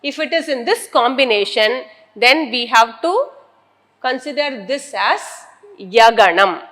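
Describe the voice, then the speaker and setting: A woman's voice: fairly high pitch, expressive, measured pace, fairly bright tone, in a large hall. A woman teacher, lecturing a class and explaining step by step while she repeats key terms.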